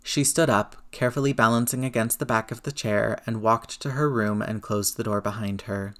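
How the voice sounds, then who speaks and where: A woman's voice: a bass voice, fairly even intonation, normal speed, fairly bright tone. Woman narrating a story steadily. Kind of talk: audiobook narration.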